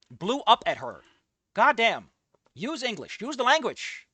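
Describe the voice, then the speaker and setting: A man's voice: very high voice, wildly swooping pitch, measured pace, sharp tone, slightly rough, dry recording. A man giving a profane, exasperated running commentary while reading a fanfic. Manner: profane, exasperated, swearing often. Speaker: fanfiction reviewer.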